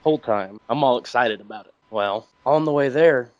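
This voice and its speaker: A man's voice: mid-range voice, moderate pace, dry recording. A man who is a guest on a podcast, telling a laid-back, vulgar story in casual chat. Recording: dull dry lo-fi mic.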